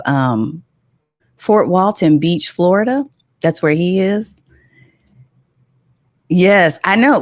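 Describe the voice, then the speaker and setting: Speaking low, a middle-aged woman runs a casual livestream, telling animated stories, laughing a lot and greeting viewers in the chat. The audio is close and dry.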